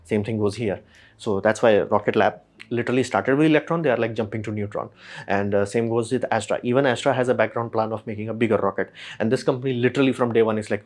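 A man, casually explaining rocket industry news as a channel host and acting out quick imagined exchanges. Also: mid-range voice, a little mellow. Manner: rapid, filler-heavy, acts out imagined dialogue.

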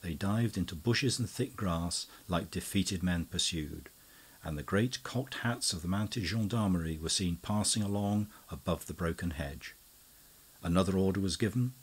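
A man narrating a classic mystery audiobook in a measured, low-key manner. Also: husky. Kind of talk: scripted narration.

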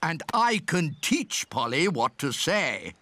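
A man's voice: fairly high pitch, very animated, slow pace, creaky, bright, forceful tone, full character voice. An actor voicing a cheerful elderly grandfather pig who is fond of his boat and rather pleased with himself. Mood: jolly.

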